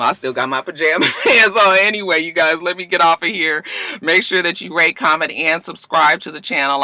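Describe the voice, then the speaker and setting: A woman's voice: medium pitch, gravelly, bright, forceful tone, no echo. A young woman recapping a TV episode in a casual vlog, emphatic and exclaiming, drawing out words. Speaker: TV recap vlogger.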